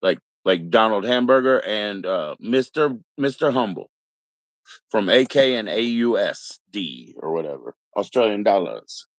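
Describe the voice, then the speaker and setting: A man's voice: fairly low pitch, expressive, a little slow, no echo. A man chatting casually on a live stream, rambling and laid-back as he greets viewers one by one. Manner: rambling, laid-back, greets chat members, mock Aussie slang. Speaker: livestream host.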